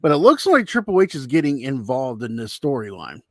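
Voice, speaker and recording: A man's voice: mid-range voice, wildly swooping pitch, brisk, dry recording, clean studio sound. A man giving a casual, rambling spoken recap with his opinions, acting out quotes as he tells them. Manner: loose, rambling retelling, acts out quotes. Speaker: YouTube commentator.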